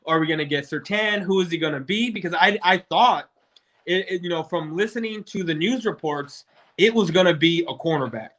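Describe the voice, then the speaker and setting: Male fan guest, casual sports debate, somewhat high, sharp tone, rambling delivery with frequent restarts. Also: a little fast. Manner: rambling, stumbles and restarts often.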